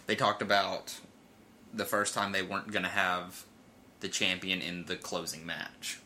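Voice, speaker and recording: A man's voice: low voice, little pitch movement, unhurried, sharp tone, a little hiss or hum. A man co-hosting a casual talk show, chatty and full of fillers, laughing easily. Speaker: podcast co-host. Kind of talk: casual chat.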